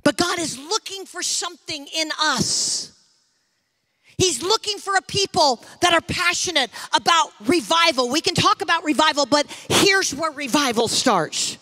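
A middle-aged woman preaching a sermon in a church sanctuary. Her voice sits high and rings bright, and her delivery builds with fervor. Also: expressive, measured pace. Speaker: pastor.

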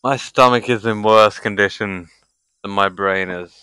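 A young man streaming a game live, tipsy from drinking, exasperated and swearing with loud outbursts. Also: lowish voice, steady tone, unhurried, clear, resonant tone, dry recording.

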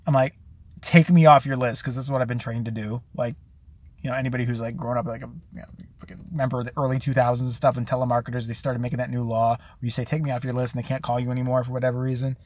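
A man live-streaming a casual rant, profane and sarcastic, who often mimics other people in a high, mocking voice. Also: little pitch movement, very fast, a little mellow, no room sound. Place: out and about, at a store.

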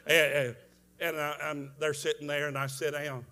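A man preaching a revival sermon, telling a story with strong emotion, moving from hushed tones to shouts. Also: a little high, flat delivery, moderate pace. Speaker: evangelist preacher.

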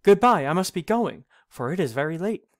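A man's voice: sits high, very animated, brisk, no room sound, studio quality, pitched above the performer's own voice. A man voicing a timid, frightened little male hare in a storybook reading, talking in a breathless, protesting way. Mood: polite hurry.

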